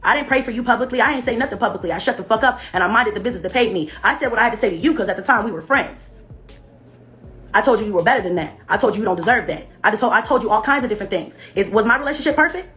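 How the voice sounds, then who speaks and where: Woman going off fast on her live, cussing, faint music under it. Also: a little high, animated, a bit bright. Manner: confrontational and profane. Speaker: livestreamer. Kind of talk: livestream rant.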